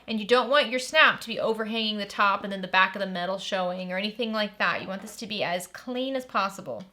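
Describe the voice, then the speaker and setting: A woman's voice: medium pitch, fast talker, pushed and bright. A woman hosting a step-by-step sewing tutorial, upbeat and chatty as she walks through each stage and enthuses over the bag.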